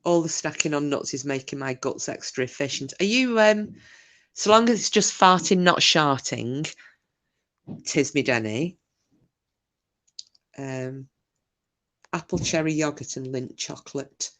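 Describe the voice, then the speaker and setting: A woman's voice: low voice, lively intonation, unhurried, pauses often, fairly bright tone. A middle-aged woman, hosting a casual livestream, reading chat messages aloud and trading cheeky, bawdy banter. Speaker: live stream host reading chat.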